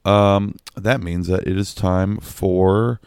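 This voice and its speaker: A young man casually telling a story at home with a quiet voice, laughing at himself and dropping apologetic asides. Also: low-pitched, steady tone, slow, clean tone, no echo, clean studio sound. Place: home at night, kept quiet.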